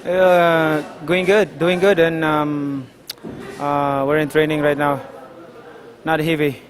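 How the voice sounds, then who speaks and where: A man from the Philippines answers interview questions as a boxer, pausing often with ums and uhs. His voice is fairly high for a man and stays flat in pitch. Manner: halting, with many fillers.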